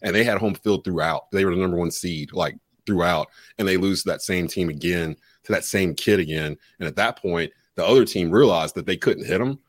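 A man from North Carolina who calls games on radio, talking casually on a podcast with a relaxed delivery and frequent "uh" and "um". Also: low-pitched, fairly quick, hardly any pauses, no echo. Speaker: sports radio host and play-by-play caller.

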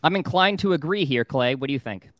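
A man hosting a sports betting talk show, briskly steering the panel with questions and reading out odds. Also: a little high, lively intonation, fairly bright tone, no room sound, clean studio sound.

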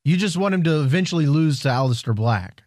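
A man's voice: fairly high pitch, expressive, fast, darkish tone, dry recording, studio quality. A man co-hosting a podcast in casual chat, teasing and joking, often firing questions back. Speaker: podcast co-host.

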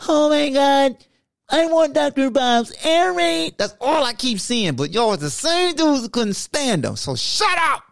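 Ranting high-voiced man in his forties. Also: animated, measured pace, gravelly, no echo, clean studio sound. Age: 40s. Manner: loud, slangy and ranting, arguing with himself. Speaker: sports podcast host. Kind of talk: heated sports rant in an alter-ego persona.

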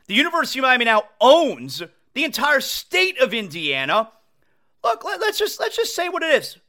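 A man hosting a casual sports talk show from home, excitable, repeating phrases and restarting sentences as he talks. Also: very high-pitched, moderate pace.

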